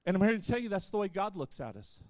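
A man's voice: sits high, big pitch swings, fast talker, no room sound. A man giving a sermon to young people, speaking conversationally and with playful asides to the crowd. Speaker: youth pastor.

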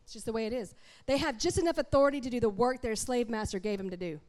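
Woman, sermon, animated, conversational, fairly high voice. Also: fast talker. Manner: animated, conversational, addresses the congregation directly. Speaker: preacher.

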